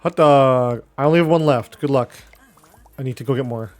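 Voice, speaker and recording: A man's voice: mid-range voice, normal speed, darkish tone, soft background music. A young man streaming a game live, chatting casually with his viewers and reacting as he plays. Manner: chatty, reacting and talking to chat while playing.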